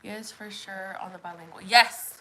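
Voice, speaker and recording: A woman's voice: mid-range voice, steady tone, moderate pace, sharp tone, slight background noise, rough recording. A woman livestreaming from her living room, chatting casually and rambling with lots of fillers. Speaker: vlogger doing a livestream. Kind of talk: casual live chat with viewers.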